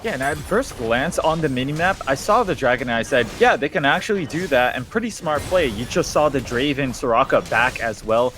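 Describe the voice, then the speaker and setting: A man's voice: mid-range voice, animated, fairly quick, hardly any pauses, fairly bright tone, soft background music. A man giving casual color commentary on an esports match, laid-back and jokey, laughing often.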